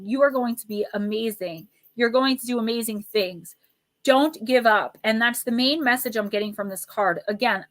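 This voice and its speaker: A fairly high-pitched woman chatting casually on a live stream as she gives oracle card readings to viewers. She talks to them by name in an affectionate, easygoing way and slips into a slow, soothing delivery when reading card messages aloud.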